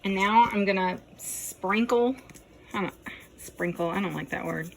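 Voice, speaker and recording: A woman's voice: mid-range voice, a little slow, creaky. A woman, chatting folksily to viewers while she cooks in her home kitchen. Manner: chatty, folksy, jokes with herself. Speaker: home cooking video host. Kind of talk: casual cooking vlog chat. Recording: noisy kitchen with frying sizzle. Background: frying and sizzling food.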